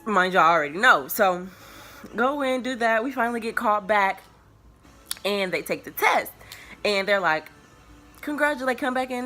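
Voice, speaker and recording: A woman's voice: medium pitch, normal speed, soft background music. A woman in her early twenties telling viewers a personal story in a casual, rambling way, full of filler words and restarts. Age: early 20s. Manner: relaxed, confiding tone addressed to viewers.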